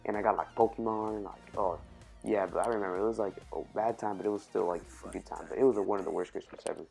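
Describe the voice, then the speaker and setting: Young man, lowish voice, loose chatty storyteller who corrects himself, light music bed. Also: fairly even intonation, fast, gravelly, a little mellow. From Cuban family. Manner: rambling, filler-heavy, self-correcting. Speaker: YouTube storyteller. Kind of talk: casual storytime vlog.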